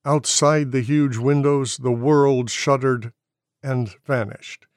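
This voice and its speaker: A man reading a novel aloud in slow, measured audiobook narration. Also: mid-range voice, steady tone, no room sound, clean studio sound.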